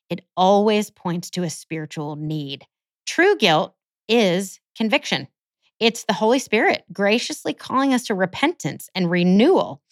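Hosting a Christian podcast, this woman has a somewhat low, slightly bright voice with no room sound. She delivers an earnest, scripted Bible teaching monologue, quoting scripture along the way.

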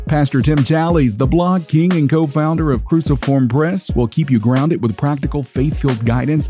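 A man voices a scripted promotional spot in an upbeat, breezy tone. His voice is warm and mellow. Light music plays softly beneath him. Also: mid-range voice. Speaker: promo announcer.

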